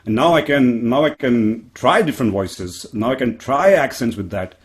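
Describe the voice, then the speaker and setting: A man's voice: medium pitch, lively intonation, normal speed. A man from India with an Indian accent, answering as a panelist in a discussion, earnest and self-deprecating, often restarting his sentences. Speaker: panelist, public speaker.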